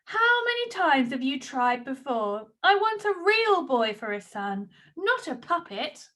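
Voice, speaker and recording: A woman's voice: sits high, sing-song, unhurried, pushed and bright, full character voice. A woman voicing a sad woodcarver's wife who longs for a son, speaking wearily. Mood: sorrowful. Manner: weary and sorrowful.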